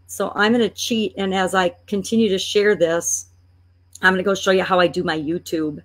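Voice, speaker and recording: A woman's voice: mid-range voice, little pitch movement. Chatty woman narrating a screen-share tutorial. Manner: chatty, thinking aloud while clicking; playfully exasperated at a slow computer. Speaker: online business coach.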